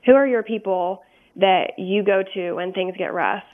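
A woman's voice: mid-range voice, normal speed. A woman guest in a radio interview who speaks in an earnest, candid way and often says "um". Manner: earnest, candid, frequent ums. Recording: phone-like narrow sound.

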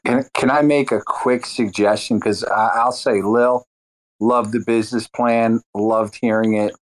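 A playful man who teases with mock-earnest suggestions in a casual live chat. His voice sits at a mid pitch. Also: fairly even intonation, unhurried, low-quality recording. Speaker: audience participant.

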